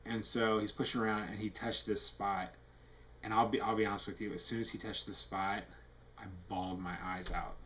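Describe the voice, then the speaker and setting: A man's voice: lowish voice, little pitch movement, normal speed, a bit bright, slight background noise, low-quality recording. A man giving a casual, candid health update to a webcam, rambling through fillers and restarts in an earnest way. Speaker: vlogger.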